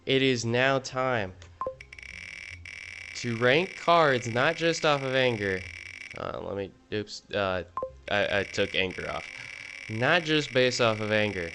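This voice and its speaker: A man's voice: mid-range voice, animated, takes it slowly, long pauses, background noise. A man doing casual, self-mocking commentary as he ranks cards from a video game. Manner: joking, self-mocking, rambling. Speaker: YouTuber ranking game cards.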